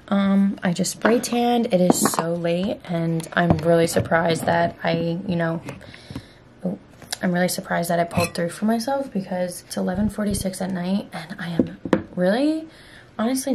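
A woman in her twenties talking casually to her phone camera in a vlog, chatty and excitable, swearing freely. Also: on the low side, normal speed, background noise. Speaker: vlogger.

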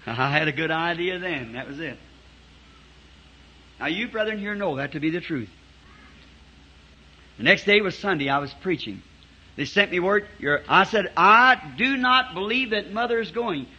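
This man's voice sits high and sounds pushed and bright as he delivers a storytelling sermon before his church congregation. He's animated yet measured, pausing often, and keeps it folksy with frequent chuckles. The recording is a dull, muffled 1960s sermon tape.

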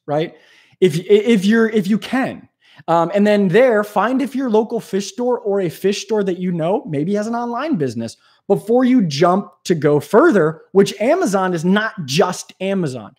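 A man hosting an aquarium channel, talking in an animated, rambling, jokey way on a live stream. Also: sits high. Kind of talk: casual live-stream talk.

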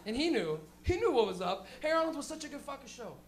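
Male stand-up comic, very high voice, rowdy and profane, full of impressions. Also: quick pace, heavy background noise. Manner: profane, animated, laughing, acts out characters. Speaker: stand-up comedian hosting. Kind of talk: stand-up comedy. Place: comedy club stage.

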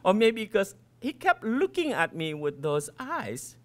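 Guy reading his own short story out loud, slangy and lively, voice rising and falling a lot. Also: sits high, unhurried. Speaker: author reading his fiction. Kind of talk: expressive first-person story reading.

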